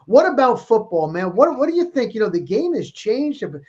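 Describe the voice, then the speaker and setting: A man co-hosting casual sports talk, retelling conversations with quick restarts, heard over dull lo-fi remote audio. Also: sits high, sing-song, darkish tone. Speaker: podcast co-host.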